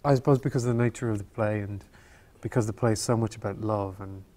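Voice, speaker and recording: A man, an actor as interview guest, telling stories in a halting, thoughtful way and often circling back on his words. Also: lowish voice, steady tone, dark tone. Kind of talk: Q&A interview, reflective storytelling.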